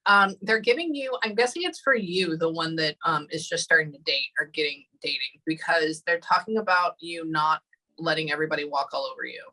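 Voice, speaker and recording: A psychic medium with a deep, pushed, bright voice gives a live reading, heard through a low-quality recording. She's halting, often stopping to say "hold on" and "um."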